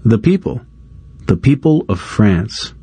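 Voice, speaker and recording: A man voicing a cheerful middle-aged French teacher who drills his class in a sing-song way, read slowly in a close, dry recording. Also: lowish voice, very animated, mellow, husky, no echo, full character voice. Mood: teacherly.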